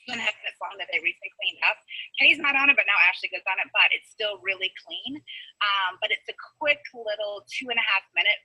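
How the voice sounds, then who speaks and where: A fast, chatty woman coaching over a call, her voice bright and a little husky. She keeps acting out bits of conversation as she goes. The sound is dry and thin, like a phone line. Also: medium pitch, dry recording. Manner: chatty, quotes conversations in rapid bursts. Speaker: business coach. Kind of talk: casual call advice.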